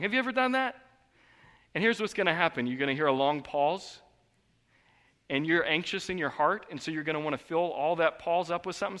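A man preaching a sermon in an earnest, conversational way, moving between quiet reflection and emphatic outbursts, in a church. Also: a little high, expressive, a little fast, long reverb tail. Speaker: pastor. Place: church sanctuary.

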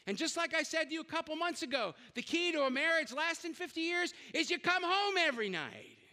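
High-voiced, bright male preacher in a reverberant hall. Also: brisk. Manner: animated, exhorting the crowd with repeated shouted lines and joking asides. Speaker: guest preacher. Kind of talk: sermon. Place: large church sanctuary. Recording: long reverb in a large hall.

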